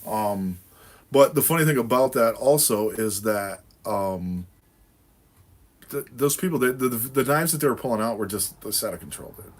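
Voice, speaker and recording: A livestream host from New England chats casually with viewers, answering their comments in a laid-back, profane, rambling way full of fillers and laughter. His voice is medium-pitched and expressive, at a normal speed.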